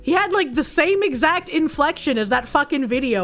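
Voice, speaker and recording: A woman's voice: high voice, animated, normal speed, a bit bright, faint music behind. A woman streaming casually, reacting to clips and chat with profane, exasperated outbursts.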